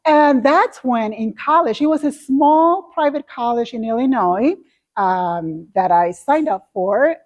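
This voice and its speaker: A middle-aged woman with a Spanish accent telling a personal story in a talk, acting out her own past reactions. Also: a little high. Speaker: speaker.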